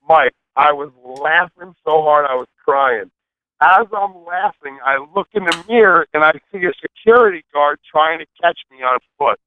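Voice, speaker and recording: A man's voice: on the high side, expressive, normal speed, no room sound. Brash man telling a story over a tinny phone line. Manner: brash, swearing, laughs at his own story. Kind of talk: animated storytelling.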